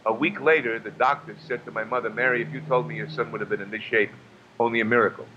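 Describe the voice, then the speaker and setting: In a casual storytelling interview, a New York actor and singer appears as a guest, speaking at an ordinary pitch with fairly even intonation. He tells his stories haltingly, looping back with fillers and repeated words, over slightly dull remote audio carrying a faint hum.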